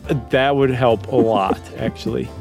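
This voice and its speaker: Podcast guy riffing casually, bit of fry in the voice, faint music under it. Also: medium pitch, moderate pace. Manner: relaxed, rambling with fillers and asides. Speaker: podcast co-host. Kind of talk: casual chat.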